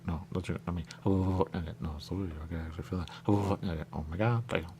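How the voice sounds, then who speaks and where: Rambling gravelly-voiced male radio host. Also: deep voice, steady tone, normal speed, darkish tone, a little hiss or hum. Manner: rambling, keeps repeating stock phrases. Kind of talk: loose on-air chat.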